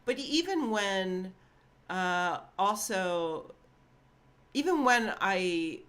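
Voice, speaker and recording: A woman's voice: medium pitch, expressive, extremely slow, fairly bright tone, clear, resonant tone. A woman in her thirties from the United States giving casual reaction commentary, wry and laughing often. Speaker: video reactor.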